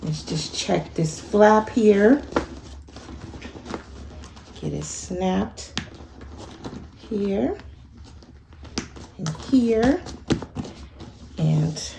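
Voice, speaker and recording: A woman's voice: medium pitch, animated, extremely slow, creaky, pauses often. A woman giving a chatty sewing tutorial to her viewers, laughing at herself as she works. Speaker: sewing instructor. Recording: echoey room with faint ambient noise.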